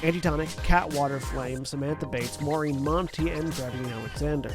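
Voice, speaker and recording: An upbeat man with a fairly high voice runs a tabletop game stream. He laughs easily and keeps things moving, with faint music playing underneath. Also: a little fast. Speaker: game master and executive producer.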